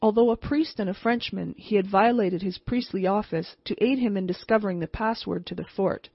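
A woman reading a ghost story aloud in a steady, measured way. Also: medium pitch, husky, no room sound. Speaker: audiobook reader. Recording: slightly muffled, dry recording.

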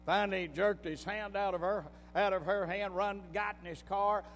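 A preacher delivers his sermon like a folksy story, his fairly high voice climbing into emphatic bursts. The voice rings through a hall with a long reverb while soft music plays underneath. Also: fairly even intonation, normal speed.

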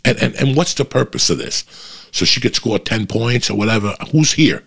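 Gravelly, profane New man. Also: mid-range voice, normal speed. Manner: profane, animated, rising to loud rants. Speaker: stand-up comedian. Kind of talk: profane stand-up storytelling.

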